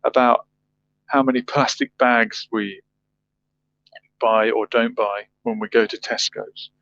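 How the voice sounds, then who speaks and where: A man's voice: mid-range voice, fairly even intonation, slow pace, creaky, fairly bright tone. Rambling man musing aloud. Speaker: livestream host. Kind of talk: casual livestream chat reading comments. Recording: dull lo-fi dry sound.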